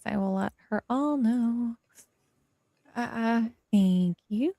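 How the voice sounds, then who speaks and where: A chatty woman co-hosting a livestream, her voice gravelly with a touch of fry. She leans on fillers as she talks and reads out the chat. The sound is dry, with almost no room. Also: fairly high pitch, drawn-out words, dark tone, dry recording. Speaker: livestream co-host.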